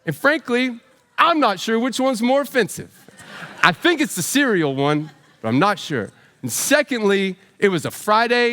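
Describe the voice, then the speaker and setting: A man in his forties, a pastor preaching a storytelling sermon with self-deprecating humor and animated voices for quotes. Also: high voice, big-room sound. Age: 40s.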